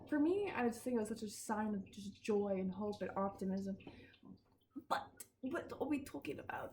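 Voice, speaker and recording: A woman's voice: a little high, animated, moderate pace, darkish tone. Giggly, rambling young woman outdoors. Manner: rambling, giggly, easily sidetracked. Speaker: vlogger. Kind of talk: casual chat. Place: outdoors in a backyard.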